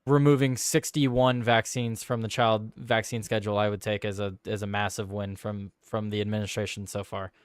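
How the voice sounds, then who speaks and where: A young man hosting a casual political livestream, halting and restarting his sentences, laughing at his own jokes. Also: fairly low pitch, flat delivery, clear, resonant tone, no echo, clean studio sound. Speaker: host of a political show.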